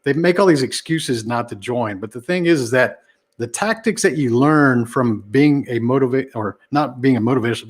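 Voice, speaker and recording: Animated man telling stories expressively. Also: slightly rough. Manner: animated, shifts pitch and volume for emphasis. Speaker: podcast guest, entrepreneur. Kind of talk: casual interview talk.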